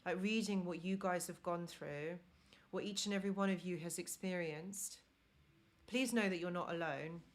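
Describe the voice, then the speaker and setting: Her voice sits lowish and moves at a moderate pace as she hosts a live stream. A relationship mentor with a non-native English accent, she speaks straight to viewers in an earnest, encouraging tone.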